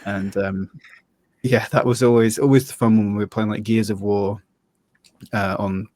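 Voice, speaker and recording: A man's voice: on the low side, fairly even intonation, normal speed, darkish tone. A man co-hosting a podcast, telling rambling stories in a casual chat with many fillers. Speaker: podcast co-host.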